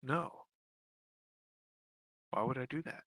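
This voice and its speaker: A man's voice: medium pitch, takes it slowly, a bit bright, no echo, poor audio. A man chatting casually on a live game stream, easygoing and jokey. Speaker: tabletop game player.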